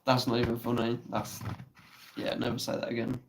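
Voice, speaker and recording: A man's voice: mid-range voice, completely flat delivery, fairly quick, creaky, slight background noise, poor audio. A man hosting a casual live stream, chatting and teasing viewers and swearing freely. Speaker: livestream host. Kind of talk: casual live chat reading comments.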